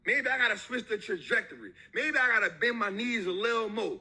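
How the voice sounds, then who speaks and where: A man with a fairly high, very bright voice, edged with a husky grain, gives a motivational talk. He drives his points home with repetition and slangy, emphatic street talk. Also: lively intonation, brisk, hardly any pauses. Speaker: motivational speaker.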